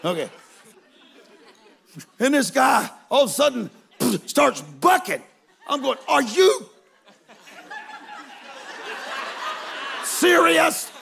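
A guest preacher telling a funny story from the pulpit of a big church, his voice unusually high and deeply gravelly. He talks slowly and folksily, then bursts into emphatic shouts. A faint congregation murmur sits behind him. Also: very animated, a faint crowd, a little hiss or hum. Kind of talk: humorous storytelling sermon. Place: large church auditorium with a live congregation.

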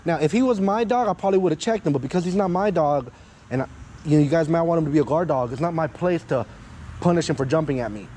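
A chatty male dog trainer coaching an owner outdoors. His voice sits a little high and sounds warm and mellow, with faint traffic in the background. He keeps checking in with "yeah?" and "okay?" and drops curses casually. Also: expressive, fast talker, poor audio. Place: outdoors by a parking area with cars.

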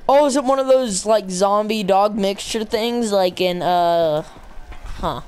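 A woman streaming a zombie shooter game, chatting casually with excitable, gushing outbursts and lots of slang. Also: mid-range voice, measured pace, slight background noise. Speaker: gamer streaming zombie mode. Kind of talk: casual live gameplay commentary.

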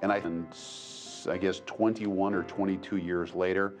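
A man reminiscing in a measured way during an interview, recalling ideas he pitched. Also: fairly even intonation. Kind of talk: reflective interview. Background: guitar music.

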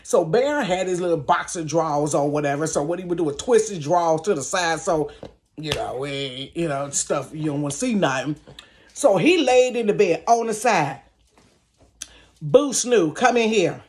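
Animated woman telling a storytime. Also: deep voice, moderate pace. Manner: animated, laughing, addresses viewers as y'all and honey. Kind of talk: casual storytime. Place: her bedroom.

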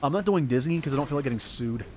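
Over music, a male game streamer in a mid-range voice rattles off rapid-fire, lively commentary. His casual let's-play chatter wanders all over and keeps turning self-deprecating.

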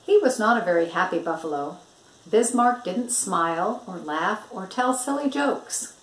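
Expressive older woman reading a picture book. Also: mid-range voice, unhurried. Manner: expressive, storytelling. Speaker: grandmother reading aloud. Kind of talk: picture-book read-aloud. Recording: roomy echo.

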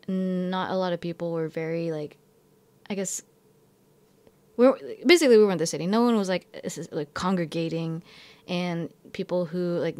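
A woman's voice: fairly low pitch, darkish tone. A young woman who teaches in Japan, telling a story in a casual vlog, rambling and filling her talk with "like" and self-corrections.

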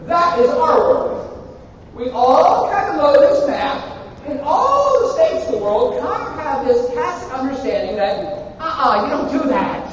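High-voiced joking male professor, echoey hall. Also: sing-song, unhurried, slight background noise. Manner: joking, irreverent, quizzing students. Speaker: university professor. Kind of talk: live university lecture. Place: large lecture hall. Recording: echoey lecture hall from far off, dull.

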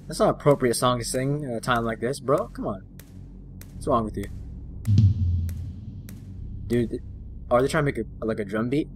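A man's voice: mid-range voice, lively intonation, normal speed, pauses often, faint music behind. A man playing a horror game on his channel, reacting jumpily, swearing, and joking at the screen. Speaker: gaming channel host. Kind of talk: horror game let's play commentary.

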